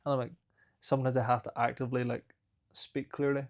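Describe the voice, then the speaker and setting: A man's voice: mid-range voice, level tone, fast, muffled recording. A man in his thirties with a Northern Irish accent, a fighter chatting casually as a podcast guest, who admits he sometimes mumbles. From Northern Ireland. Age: 30s. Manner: self-described lazy talker who mumbles at times. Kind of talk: casual interview chat.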